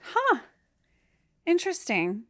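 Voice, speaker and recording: A woman's voice: extremely high pitch, huge pitch swings, slow pace, fairly bright tone, dry recording, clean studio sound. A woman hosting a podcast interview, easygoing and encouraging as she asks her guest questions. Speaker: podcast host. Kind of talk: casual interview chat.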